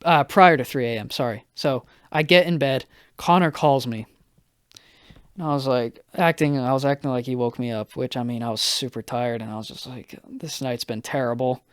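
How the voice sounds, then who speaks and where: Hoarse young man rambling through a story. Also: medium pitch, normal speed, dry recording, studio quality. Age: young adult. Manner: rambling, profane, self-interrupting. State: slightly hoarse. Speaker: podcast host. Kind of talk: casual solo storytelling.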